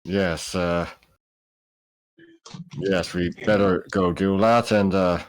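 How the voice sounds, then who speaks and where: A man with a very low voice speaks slowly and hesitantly as a tabletop game player. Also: steady tone. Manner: slow, hesitant. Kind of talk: casual game chat.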